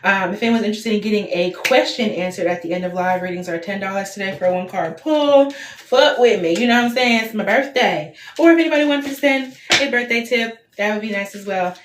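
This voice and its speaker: A woman in her twenties talks through a tarot reading on a casual livestream. She is chatty and loose, repeats herself, and leans on fillers. Her voice sits in a middling pitch, in a roomy, echoey space with faint hiss behind. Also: a little fast. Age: 20s. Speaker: tarot reader.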